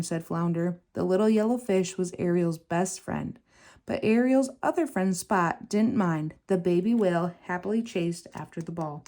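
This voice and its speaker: A woman's voice: fairly low pitch, normal speed, warm tone. A woman reading a children's storybook aloud, narrating expressively and lifting her voice for the characters' lines.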